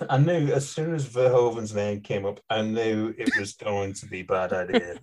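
A man's voice: on the low side, moderate pace, background noise. A man co-hosting a podcast in casual chat, explaining things with hesitant fillers. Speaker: podcast co-host.

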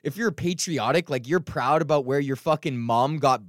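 In a dry, clean studio recording, this Edmonton, Canada comic goes on a profane solo rant on his own podcast, full of fillers and restarts. His voice is medium-pitched and moves at a moderate pace.

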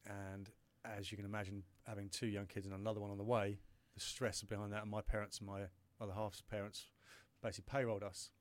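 Fast-talking British man, low-voiced. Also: little pitch movement. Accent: British English. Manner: emotional, swears, quick restarts. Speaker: guest, startup founder. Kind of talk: candid interview storytelling.

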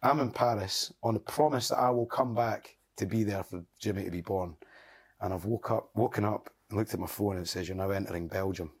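A man's voice: lowish voice, fairly quick, slightly rough. A Scottish man, a guest on a podcast, telling wild anecdotes in casual chat, swearing and laughing as he goes. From Scotland.

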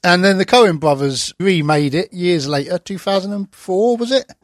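A man's voice: high voice, normal speed, no room sound, studio quality. A man hosting a podcast, chatting casually and rambling with fillers and restarts. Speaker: podcast host. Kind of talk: casual chat.

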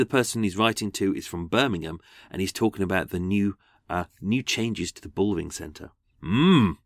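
Lively English man hosting a podcast. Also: mid-range voice, no echo, studio quality. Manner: lively, reads letters and quotes aloud. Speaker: podcast host. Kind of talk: true crime podcast narration.

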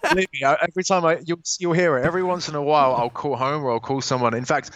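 A man's voice: a little high, steady tone, racing, dull audio, background noise. A man from England with a posh English accent, talking in a rambling, sweary casual chat as a podcast guest. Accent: posh English, slightly Australian-tinged. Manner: sweary, rambling, repeats words.

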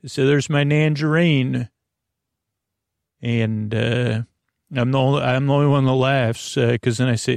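A man with a gravelly, creaky voice hosts a late-night sleep show and drifts through loose, rambling tangents. His voice sits at an ordinary pitch, and the sound is close and dry. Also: steady tone, measured pace, no echo. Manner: meandering, repeats himself, goes off on tangents. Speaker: sleep podcast host. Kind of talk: rambling bedtime monologue.

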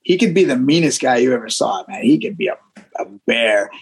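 A man, a guest musician, telling stories in a casual interview, animated and often repeating words as he acts out what people said. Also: medium pitch, brisk, creaky, slightly rough, poor audio.

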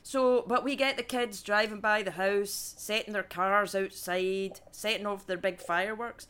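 A woman's voice: medium pitch, steady tone, measured pace, fairly bright tone, clear, resonant tone. A woman on a comedy podcast panel, ranting with incredulous exclamations.

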